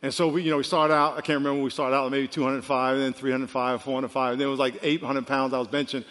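A man in his fifties, a pastor preaching a sermon with animated storytelling that swings from quiet to loud. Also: medium pitch, fast talker, a little hiss or hum. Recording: long reverb of a large hall.

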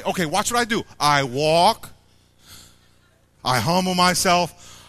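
A man's voice: sits high, slow pace, pauses often. A man preaching a sermon to a live audience, acting out little scenes, repeating himself and quizzing the crowd. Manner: animated, acts out little scenes and quotes.

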